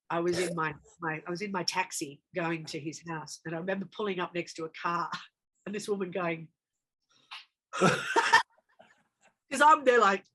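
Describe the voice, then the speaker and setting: A woman with a bright, clear voice talks with a guest's energy in a casual interview. She tells her stories animatedly and slips into the dialogue she is remembering. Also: fairly low pitch. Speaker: actress guest.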